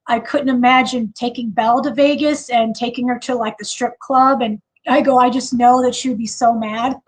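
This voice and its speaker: A woman's voice: a little high, poor audio. A woman with a Chicago accent hosting a casual livestream chat, laughing often and stopping to restart with lots of fillers. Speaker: livestream host.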